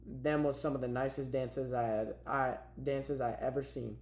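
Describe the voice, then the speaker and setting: A man's voice: medium pitch, fairly even intonation, normal speed, a little mellow, lightly acted. A man voicing an easygoing young male drifter with a laid-back rural drawl, in an echoey room. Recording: roomy echo.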